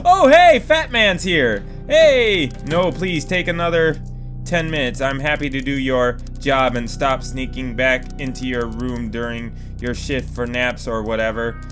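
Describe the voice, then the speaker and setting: A man giving excitable, swearing let's play commentary as a gaming YouTuber, laughing often. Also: medium pitch, a little slow. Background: game music.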